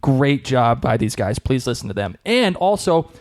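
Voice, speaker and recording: A man's voice: mid-range voice, big pitch swings, moderate pace, darkish tone. A man with a Boston accent co-hosting a podcast, joking and teasing in casual chat. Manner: playful and teasing. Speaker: podcast co-host.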